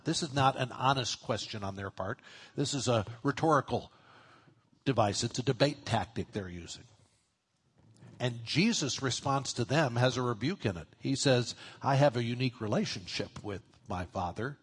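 A man's voice: medium pitch, lively intonation, normal speed, slightly rough. A man preaching a sermon in a conversational way, acting out quoted voices as he teaches. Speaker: pastor.

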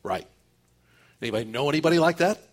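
A man's voice: a little high, very animated, fast talker. A man preaching a sermon as pastor, emphatic and full of rhetorical questions to his congregation.

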